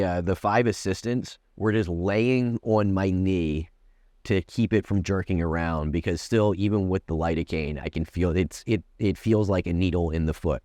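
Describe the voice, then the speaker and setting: A man with a very low, deep voice tells a long personal story the way a comedian does, casual and profane. He stumbles through restarts and acts out both sides of the conversation, and his voice sits close and dry on the mic. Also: dark tone, dry recording. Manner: rambling, profane, with many restarts and quoted exchanges. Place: New York City.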